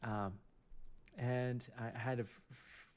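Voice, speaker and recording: A middle-aged man, a surgeon, telling a personal story in a casual, halting way with many fillers and restarts. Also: mid-range voice, fairly even intonation, a little mellow.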